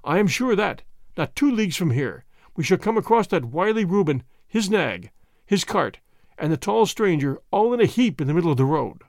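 A man's voice: sits high, sing-song, no room sound, clean studio sound. A man doing a cringing old servile cart owner. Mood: eager. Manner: humble, deferential, deliberate.

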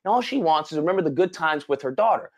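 A fast-talking man with a high, very lively voice, co-hosting a podcast, retells a film's plot in relaxed, casual chat. His pitch swings widely as he acts out the characters with dramatic exclamations and theatrical sighs, and he keeps checking in with his listener along the way.

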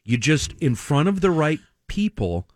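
A man's voice: fairly high pitch, sing-song, measured pace, no room sound. Man co-hosting, dry studio sound. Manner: reacts briefly, sums up with a lesson. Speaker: radio show co-host. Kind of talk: casual studio banter. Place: radio studio.

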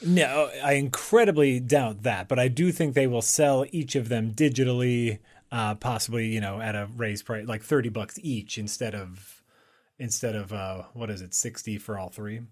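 A man co-hosting a casual podcast talks in an animated way. He uses lots of fillers and laughs easily. His voice is mid-pitched. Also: normal speed. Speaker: podcast co-host. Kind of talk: casual chat.

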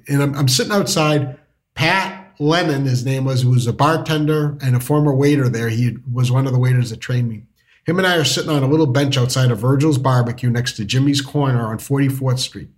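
Guy rambling through a story, lots of likes and restarts, average pitch. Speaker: storyteller guest. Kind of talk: casual interview storytelling.

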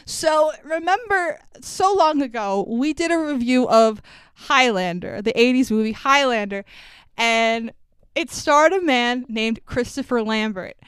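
Animated, foul-mouthed woman podcast host. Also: fairly high pitch, unhurried, clear, resonant tone, no echo. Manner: animated, swears freely, laughs often. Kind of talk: casual movie review chat.

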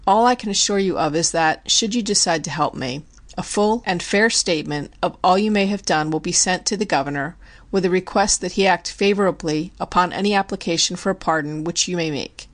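Woman narrator as a formal, grave district attorney, slightly low voice. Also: a little fast, natural voice. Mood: earnest. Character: stern but moved male district attorney.

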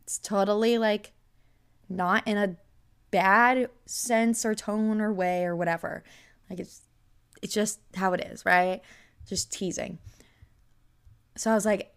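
A young woman hosting a podcast, telling a story in a casual, animated way with lots of "like" and incredulous asides. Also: mid-range voice, slow, long pauses, clear, resonant tone. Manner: animated, incredulous, heavy use of "like". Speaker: podcast host.

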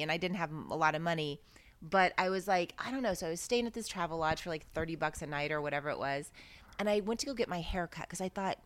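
A woman telling a story in a casual chat, acting out the voices of the people she quotes. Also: on the low side. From Texas. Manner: animated, acts out quoted voices. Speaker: guest.

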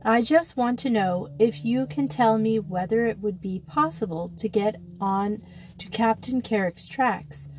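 A woman's voice: a little high, unhurried, slight background noise, natural voice, poor audio. A woman voicing a kind, reassuring young headmistress. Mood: gentle. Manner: gentle, reassuring. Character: kind young headmistress, gentle but firm.

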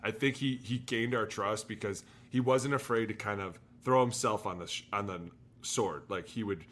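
Man, ex-NFL lineman, podcast co-host; energetic storyteller, bright tone. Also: lowish voice, normal speed. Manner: animated storyteller, shouts out quoted lines. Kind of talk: casual storytelling chat.

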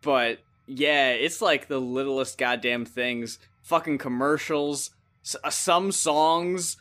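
A man's voice: medium pitch, sharp tone. A man co-hosting a podcast in casual chat, rambling and swearing freely as he retells scenes. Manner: rambling, profane, acts out scenes in quick voices. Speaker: podcast co-host.

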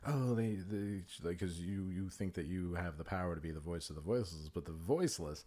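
Low, husky man, wry and casual. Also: brisk, dark tone. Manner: wry, laughing, profane. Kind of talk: casual chat.

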